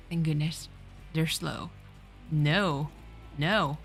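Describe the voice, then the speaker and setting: A woman's voice: on the low side, expressive, takes it slowly, pauses often, faint music behind. A woman streaming a game, talking to her chat and getting exasperated at the game. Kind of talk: let's play commentary.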